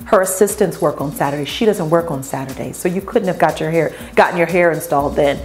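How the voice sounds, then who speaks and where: A woman who owns a beauty company tells customer stories in an animated way and acts out the voices of the people in them. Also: deep voice, fast, faint music behind. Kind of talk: storytelling vlog.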